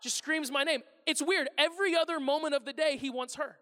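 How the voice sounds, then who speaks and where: A man in his thirties preaches to a congregation with a very high, bright, forceful voice. He tells comic stories about his family, lively and self-deprecating, and slips into voices for his family. His voice rings with the long reverb of a large church hall. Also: fairly quick. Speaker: pastor. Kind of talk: humorous sermon storytelling.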